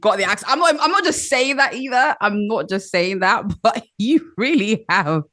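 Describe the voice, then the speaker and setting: A woman's voice: medium pitch, lively intonation, moderate pace, a bit bright. A woman hosting a casual interview, bubbly and laughing often. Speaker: interviewer host.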